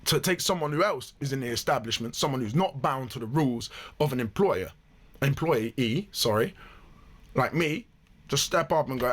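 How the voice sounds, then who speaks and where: A man hosting a reaction video, giving blunt, animated, swear-filled casual commentary. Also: mid-range voice, normal speed.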